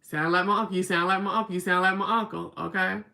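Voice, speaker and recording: Chatty Southern woman with a gravelly edge. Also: lowish voice, fairly even intonation, fast talker, sharp tone. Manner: chatty, reads viewer comments aloud, storytelling. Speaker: livestream host. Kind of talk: casual livestream chat.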